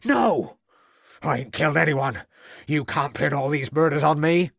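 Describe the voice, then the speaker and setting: A man voicing a surly, aggressive farmer in an audiobook, defiant, with rough rural grammar. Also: on the high side, unhurried, a bit bright, no room sound, clean studio sound, voice pushed up, exaggerated voice. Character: surly, aggressive male country farmer under questioning. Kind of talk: audiobook character voice.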